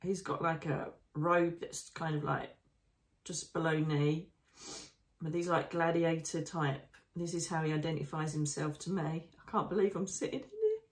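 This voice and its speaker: A woman, a psychic medium narrating her visions live in a hushed, emotional, often slow and breathy way. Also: low voice, steady tone, echoey room. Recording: voice distant from the mic.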